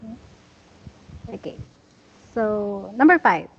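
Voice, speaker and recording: A woman teaching an English lesson one-on-one, patiently praising her student and modelling each sentence slowly. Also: mid-range voice, lively intonation, gravelly, husky, dull audio. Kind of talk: online one-on-one language lesson.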